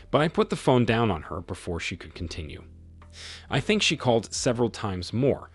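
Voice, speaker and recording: A man's voice: fairly low pitch, breathy edge. A middle-aged man narrating a first-person story with dry sarcasm, over faint music. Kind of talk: scripted narration.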